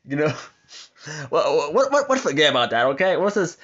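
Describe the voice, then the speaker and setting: A man's voice: medium pitch, big pitch swings, moderate pace, pauses often, fairly bright tone, highs cut off. A man doing reaction commentary on a news article, ranting with heavy profanity and stumbling over his reading. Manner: stumbles while reading aloud. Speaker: commentary vlogger.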